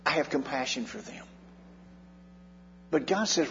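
A man's voice: a little high, animated, measured pace, a bit bright. Preaching man in an echoing hall. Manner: earnest preaching, rising and dropping in volume for emphasis. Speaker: pastor. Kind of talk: sermon. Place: church sanctuary. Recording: dull sound in a long-reverb hall.

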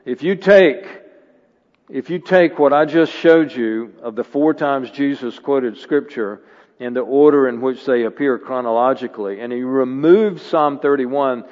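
A man's voice: medium pitch, unhurried, darkish tone. A man preaching in a church sanctuary, earnest and building to emphatic bursts of conviction. His voice carries a long reverberant tail from the hall, and the recording is slightly dull and muffled. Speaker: guest preacher. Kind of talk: sermon.

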